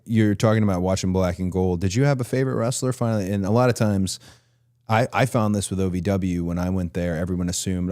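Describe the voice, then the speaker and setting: A man's voice: low voice, steady tone, fast, mellow, dry recording, clean studio sound. A man in his forties hosting a casual interview, rambling and restarting his thoughts. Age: 40s. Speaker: podcast host.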